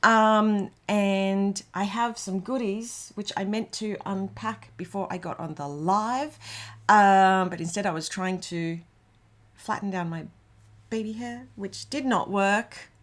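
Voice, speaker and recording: Slow and medium-pitched, an Australian woman hosts a casual livestream, reading out comments as she chats and rambles with many ums and restarts.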